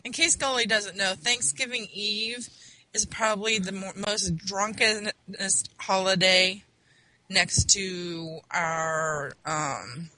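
A woman in a casual chat, asking questions and adding slow, drawn-out asides. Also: mid-range voice, steady tone, sharp tone, rough recording.

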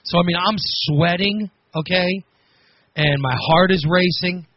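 A man hosting a radio show, telling a story on air in a casual, animated, self-mocking way with frequent laughs. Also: high-pitched, measured pace, dry recording, highs cut off. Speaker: radio host.

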